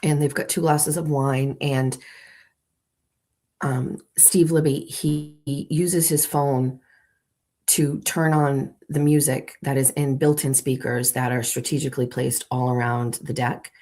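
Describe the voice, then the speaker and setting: A woman's voice: extremely low pitch, steady tone, measured pace, dark tone. A woman hosting a morning show, playfully walking her audience through an imagined scene in a theatrical storytelling manner. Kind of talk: comic storytelling to a live audience.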